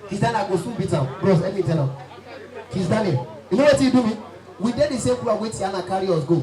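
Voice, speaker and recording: A man with a Nigerian accent doing stand-up comedy at a party, lively and playful, switching into many voices. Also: sits high, brisk, a faint crowd. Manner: lively, does many voices and sing-song bits. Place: event hall. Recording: echoey hall from far off, music behind.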